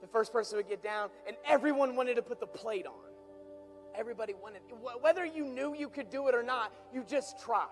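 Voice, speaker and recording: A young man preaching through an animated personal story, building from quiet asides to excited shouts. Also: very high-pitched, fairly quick, faint music behind. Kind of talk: storytelling sermon.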